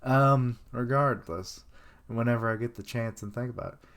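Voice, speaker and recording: A man reading a manga chapter aloud on a live stream, chatting and thinking out loud as he goes. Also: mid-range voice, moderate pace.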